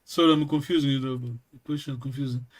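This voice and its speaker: A man who speaks natively, teaching a lesson over a video call, slow and patient, often checking in with a quick "yes?". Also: medium pitch, fairly even intonation. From Congo region, Kikongo-speaking village. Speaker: language teacher. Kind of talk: online language lesson.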